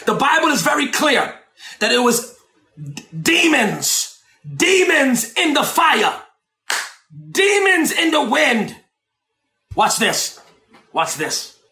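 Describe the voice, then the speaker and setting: A man preaching a sermon, shouting and dramatic, with asides to the congregation. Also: very high-pitched, very animated, slow pace, pauses often, roomy sound.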